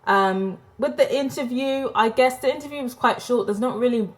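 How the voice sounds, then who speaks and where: A woman's voice: a little high, normal speed. A woman giving casual, opinionated commentary as a vlogger reviewing a TV show, frank and sarcastic in a gossipy way, recorded on a desktop microphone. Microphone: desktop USB microphone.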